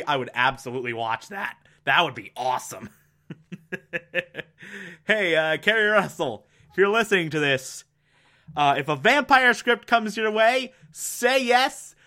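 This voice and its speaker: A man's voice: fairly high pitch, animated, unhurried, sharp tone. A man giving a casual, chatty recap of a TV episode, laughing often and using lots of fillers. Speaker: podcast host.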